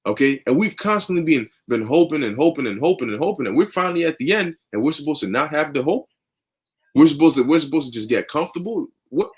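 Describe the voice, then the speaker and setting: A man's voice: a little high, breathy edge. A young man teaching scripture in a fervent, conversational way, often tagging sentences with "man" and "okay". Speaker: preacher.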